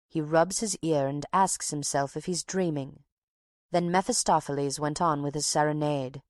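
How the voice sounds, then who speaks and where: A woman's voice: low voice, steady tone, normal speed, no echo, studio quality, lightly acted. A woman reading an audiobook, voicing a talkative older woman box-keeper who tells her tale with drama and takes offence easily. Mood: gossiping. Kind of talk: audiobook character voice.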